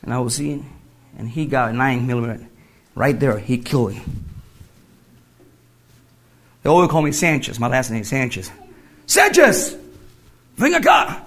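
A man giving a personal faith testimony, telling his story in halting English and laughing through it. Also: medium pitch. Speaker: testimony speaker.

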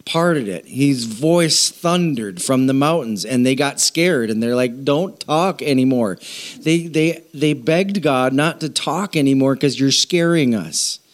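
A man's voice: mid-range voice, animated, measured pace, hardly any pauses. Chatty man teaching a Bible lesson. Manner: conversational, asks the audience questions, jokes. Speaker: pastor.

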